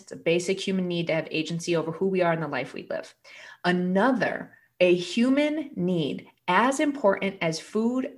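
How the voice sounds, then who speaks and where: A woman speaking as a guest in a casual conversational interview, earnest and emphatic, growing animated as she makes her points. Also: fairly low pitch.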